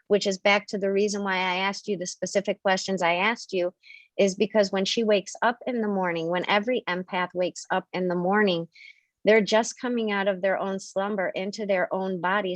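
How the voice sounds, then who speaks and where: A woman's voice: medium pitch, dry recording. A woman hosting a spiritual members' call on video, explaining earnestly and acting out examples.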